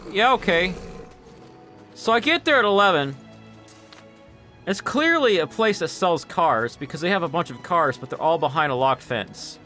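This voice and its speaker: A man streaming a game while telling a long, rambling story in casual chat, with quick asides to his viewers. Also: a little high, expressive, sharp tone. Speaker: gaming streamer. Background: faint game music.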